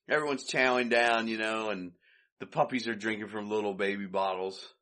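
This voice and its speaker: A man's voice: lowish voice, steady tone, moderate pace, bright, forceful tone. A man hosting a podcast, casually retelling an old comedy short, chatty and loose, and he chuckles often. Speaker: podcast host.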